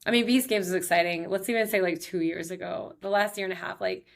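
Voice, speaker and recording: A woman's voice: lowish voice, steady tone, quick pace, vocal fry. A woman in her thirties hosting her own podcast, telling personal stories in a chatty, upbeat way full of "like" and "he's like". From Texas. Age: 30s. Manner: chatty, heavy use of "like", emotional and upbeat. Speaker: podcast host. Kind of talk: casual personal storytelling monologue.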